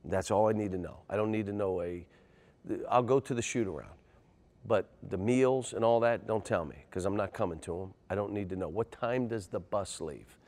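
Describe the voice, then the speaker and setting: An older man, a basketball coach, telling animated stories in an interview and getting loud and excitable. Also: fairly low pitch, normal speed. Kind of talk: interview storytelling.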